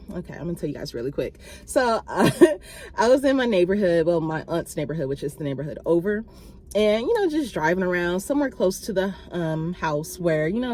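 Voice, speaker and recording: Lively woman vlogger telling a story. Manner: animated, acts out quoted exchanges with big pitch jumps; many fillers and restarts, talks to viewers directly. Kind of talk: casual storytelling to camera.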